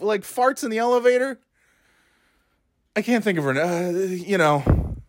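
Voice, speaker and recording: A man's voice: high voice, expressive, a little slow, long pauses, no echo, studio quality. Profane, heated male podcast ranter. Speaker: podcast host. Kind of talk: angry ranting monologue.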